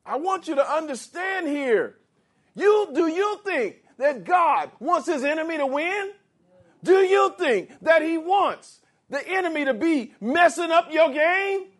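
A man preaching a sermon. He reads scripture slowly, explains it in plain words, and rises to emphatic shouts. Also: very high voice, sing-song.

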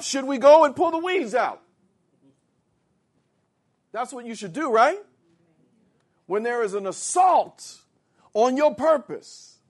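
In a very high-pitched voice, a man preaches a sermon, reading scripture slowly, explaining it plainly, and building to emphatic shouts.

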